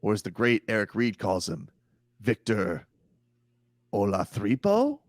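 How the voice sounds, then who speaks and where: A man's voice: on the low side, moderate pace, dry recording, studio quality. A man hosting sports talk radio, mocking rival players in a playful, rhyming way. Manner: mocking, rhyming trash talk with put-on whiny voices.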